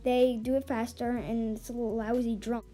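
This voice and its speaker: A woman's voice: fairly high pitch, level tone, normal speed, dark tone, soft background music, lightly acted. A woman reading the lines of a rude, pushy, bigoted mother in a spoken online story.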